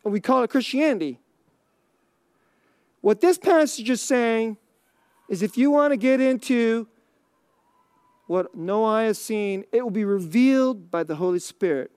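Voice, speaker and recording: A man preaching a conversational sermon, chuckling often and dropping to a near hush on key lines. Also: high-pitched, lively intonation, a little slow, long pauses, smooth, dry recording, clean studio sound. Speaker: pastor.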